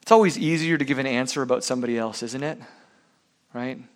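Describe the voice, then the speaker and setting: A man's voice: mid-range voice, quick pace. A man preaching a sermon, asking rhetorical questions and using sports analogies. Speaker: pastor.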